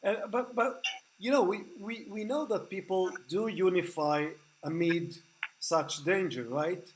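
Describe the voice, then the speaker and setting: High-pitched man chiming in conversationally. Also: measured pace, poor audio. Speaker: interviewer. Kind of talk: conversational study discussion.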